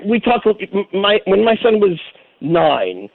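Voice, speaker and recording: A man with a fairly high voice tells an animated story and acts out the people he quotes. He comes through a tinny phone line, and the sound is dry, with no room echo. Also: takes it slowly, gravelly. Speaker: guest architect. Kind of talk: storytelling on a radio call-in show.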